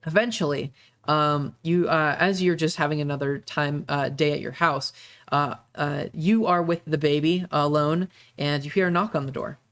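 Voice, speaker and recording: A man's voice: fairly high pitch, steady tone, a bit bright, clear, resonant tone. Hesitant man narrating as game master. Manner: halting, many fillers.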